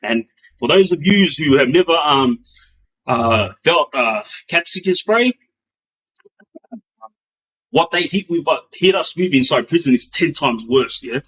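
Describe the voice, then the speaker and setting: A man telling a story in a loose, rambling way, with many fillers and restarts, acting out the action with bangs and booms. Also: measured pace, pauses often. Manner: animated, acts out sounds with bangs and booms. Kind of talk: casual spoken storytelling.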